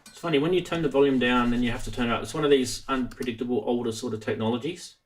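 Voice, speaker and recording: A man's voice: medium pitch, racing, soft background music. A man hosting a live stream about synth modules, chatting casually and rambling with many restarts. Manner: rambling, self-interrupting, chatty.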